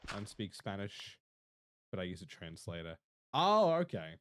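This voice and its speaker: A young man with an Australian accent, chatting casually and rambling to his stream viewers, often swearing and talking fast. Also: low-pitched, sing-song, fairly bright tone, slight background noise. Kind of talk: casual livestream chat to viewers.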